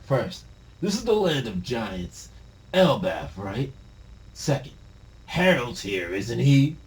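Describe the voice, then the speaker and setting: A man voicing a calm, menacing pirate captain in a manga read-aloud, speaking low, slow and threatening. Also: far from the mic, rough recording.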